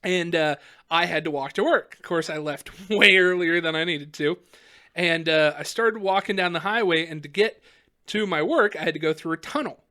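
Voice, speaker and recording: A young man on a podcast, telling a story in a casual, animated way and laughing as he goes. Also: a little high, moderate pace. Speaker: podcast co-host.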